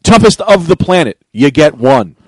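Male podcast co-host, goofy and joking, quick and bouncy, dry close sound. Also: a little high, very animated, darkish tone, husky, no room sound. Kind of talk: casual chat.

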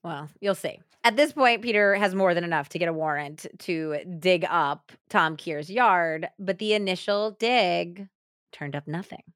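A woman's voice: on the low side, unhurried, a bit bright, smooth, dry recording, studio quality. A woman hosting a true crime podcast, telling the case in a casual, chatty way with lots of fillers. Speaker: podcast host. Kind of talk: true crime storytelling chat.

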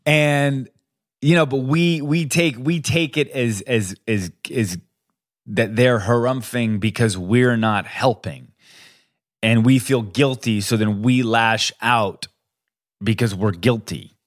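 A man co-hosting a podcast in casual chat, blunt and swearing freely, quick to agree with his partner. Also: medium pitch. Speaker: podcast co-host.

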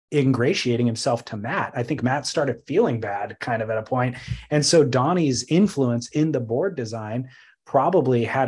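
A man co-hosting a casual chat show, telling stories in an animated way with his pitch jumping up often. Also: husky.

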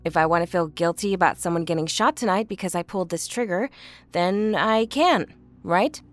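A woman's voice: lowish voice, normal speed, faint music behind, lightly acted. An actress playing a skeptical, blunt young woman in an audio drama, impatient and mocking. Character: skeptical, brash young woman, older sister.

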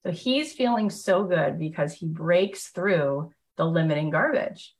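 A woman with a low, darkish voice hosts a live motivational workshop at an unhurried pace. As a motivational coach, she tells stories in a gushing, enthusiastic, chatty way, filling her speech with casual fillers like "like."

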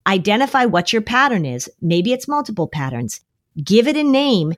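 A woman's voice: medium pitch, very animated, moderate pace, no echo, clean studio sound. A woman therapist on a podcast, giving emphatic, coaching advice with lots of repetition. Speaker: anxiety therapist. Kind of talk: podcast conversation.

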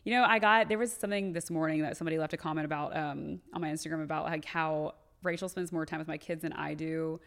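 A woman's voice: sits low, steady tone, fast, hardly any pauses, a bit bright. A woman in her thirties, a mother co-hosting a podcast, speaking candidly in casual chat. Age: 30s.

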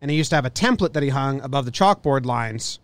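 A man co-hosting a casual podcast, telling stories in a relaxed, rambling way. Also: medium pitch, fast talker, no room sound. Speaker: podcast co-host. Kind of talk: casual chat.

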